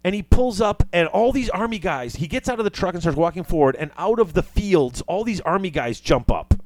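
A man's voice: high-pitched, animated, a little fast, noisy background. A man casually retelling a movie plot, acting out the characters' lines as he goes.

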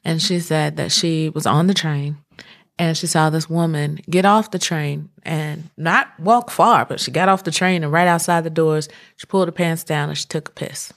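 A woman's voice: deep voice, steady tone, normal speed, vocal fry. A woman co-hosting a casual chat, telling stories bluntly and swearing freely. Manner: blunt, profane storytelling.

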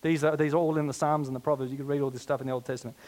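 A man preaching a sermon, animated and blunt, dropping in humorous asides. His voice sits at a middle pitch for a man. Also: racing.

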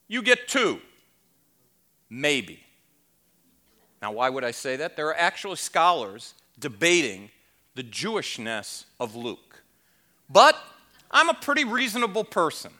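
A man's voice: sits high, pushed and bright. A man preaching a sermon at a conference, emphatic and conversational, with rhetorical questions and wry asides. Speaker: conference speaker.

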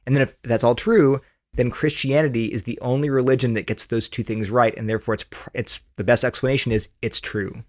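A man's voice: medium pitch, fairly even intonation, brisk, a little mellow, no echo. Guy being interviewed about his book, earnest, explains w stories, dry close sound. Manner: earnest, explains with stories, repeats words while thinking. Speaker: author and guest. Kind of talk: conversational interview answer.

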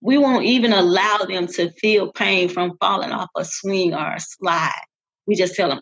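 Husky woman on a podcast, punchy repeats, kinda muffled audio. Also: medium pitch, normal speed, fairly bright tone. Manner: emphatic, repeats phrases for effect. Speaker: podcast co-host. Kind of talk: casual conversation. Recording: dull lo-fi audio.

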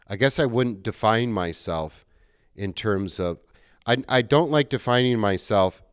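A man's voice: lowish voice, smooth, dry recording, studio quality. A middle-aged male pastor giving a conversational sermon, acting out quoted dialogue as he goes.

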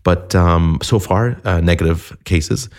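A man's voice: low-pitched, measured pace. A man hosting a podcast in a chatty, self-deprecating monologue, a little sniffly from a cold. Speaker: podcast host.

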